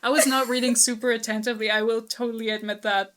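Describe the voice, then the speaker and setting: A woman's voice: on the high side, little pitch movement, quick pace, fairly bright tone. A woman co-hosting a casual book club discussion, laughing and acting out characters' lines.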